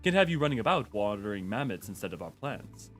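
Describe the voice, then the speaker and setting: A man's voice: lowish voice, big pitch swings, fast, faint music behind. A man voicing a pompous, demanding little furry creature on a game stream, reading its lines in a haughty, mock-formal way. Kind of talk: reading game dialogue aloud in character.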